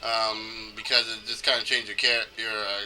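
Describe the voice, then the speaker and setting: A man's voice: on the low side, flat delivery, normal speed, pushed and bright, slight background noise, rough recording. A man casually narrating gameplay in a rambling, chatty way, often stopping to correct himself. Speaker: let's play commentator.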